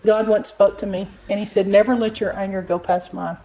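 A woman's voice: medium pitch, level tone, fairly quick, warm tone, poor audio. A woman giving a sermon, reading scripture aloud and explaining it in an earnest, direct, conversational way. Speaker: Bible teacher.

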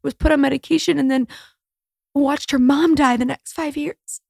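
A woman's voice: high voice, fairly even intonation, moderate pace, gravelly, darkish tone, dry recording, studio quality. A woman in her thirties hosting a solo podcast, speaking in a raw, candid, emotional way and swearing freely. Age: 30s. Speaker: podcast host.

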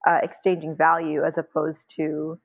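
A woman's voice: low voice, monotone, moderate pace. A woman musician talks through her views in a candid, thinking-aloud way. Her voice comes over a tinny, phone-like line from a remote call. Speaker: musician and guest. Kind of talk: interview conversation.

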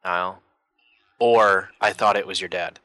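Guy chatting about a game, bright punchy voice, dry close sound, gets animated doing the characters. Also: deep voice, slow, dry recording, poor audio. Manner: animated, acts out characters in quotes. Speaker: podcast co-host. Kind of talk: casual chat about a video game.

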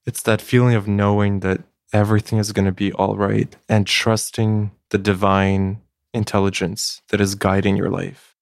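Host role: a man with a lowish, even voice giving short, calm interview prompts. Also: moderate pace, vocal fry, no echo, clean studio sound. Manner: brief, calm prompts and reflections. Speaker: podcast host. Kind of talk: interviewing a guest.

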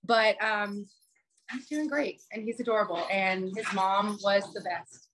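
A woman's voice: medium pitch, a little slow, a little hiss or hum, rough recording. Woman in her thirties, podcast co-host, chatty storyteller full of ums, spikes up when fired up. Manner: animated, lots of fillers, rises sharply when indignant. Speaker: podcast co-host, special education advocate. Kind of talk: casual storytelling chat.

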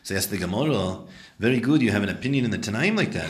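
Man, lowish voice, Talmud teacher, explains and quizzes the class, echoey room. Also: lively intonation, quick pace, a little hiss or hum. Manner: explains and translates Hebrew and Aramaic terms, questions his students.

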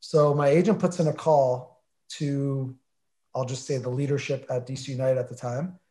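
Telling a story as an interview guest, a man in his forties rambles casually with many fillers and plays out the quoted conversations. He has a mellow, medium-pitched voice with fairly even intonation and a moderate pace.

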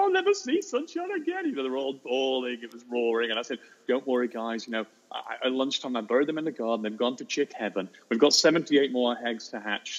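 A man, a teacher telling an animated anecdote in an interview, jumping into high voices for the children he quotes. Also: highs cut off. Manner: lively storyteller, acts out children's voices in high pitch. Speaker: teacher and storyteller guest.

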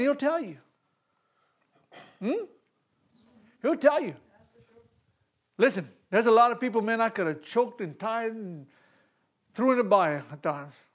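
Man preaching, high voice, animated, swings loud to hushed, laughs between points. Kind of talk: sermon.

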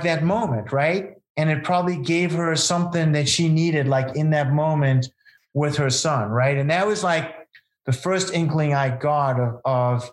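A man telling stories about his event in a conversational interview, earnest and rambling, with many fillers and restarts. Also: medium pitch. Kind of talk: casual storytelling in an interview.

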